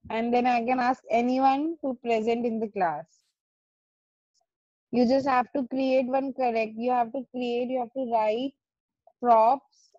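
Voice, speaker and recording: A woman teacher with a fairly high yet mellow voice gives firm instructions, rephrasing them until they land. She talks into a video call, and the sound is dry and muffled like lo-fi call audio. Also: no echo. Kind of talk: online class instruction.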